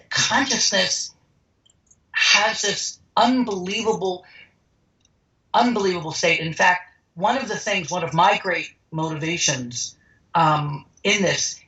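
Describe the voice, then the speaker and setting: A man's voice: sits high, unhurried, pushed and bright. Emphatic man telling stories, dull recording. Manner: emphatic, acts out quoted dialogue. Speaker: healing center founder, guest. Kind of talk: animated interview storytelling.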